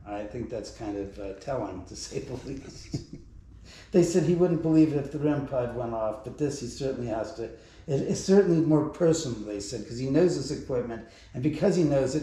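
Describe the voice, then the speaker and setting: A man's voice: mid-range voice, warm tone. Rambling, swearing man in an echoey bedroom. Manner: rambling, profane, chuckling between stories. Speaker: house owner giving a haunted tour. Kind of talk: casual storytelling. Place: bedroom of a large house. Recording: very echoey room.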